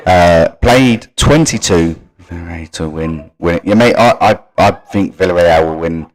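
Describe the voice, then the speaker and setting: A deep-voiced man hosts a live gaming stream. He reads league tables and player points straight off his screen and breaks off to answer his viewers in a casual, matey way. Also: unhurried, poor audio. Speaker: stream host.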